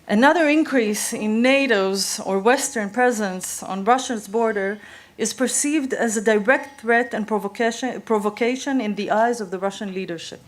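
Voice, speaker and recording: A woman giving a prepared talk at a conference, measured and reading from notes with occasional fillers. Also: a little high. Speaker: conference speaker. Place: conference hall.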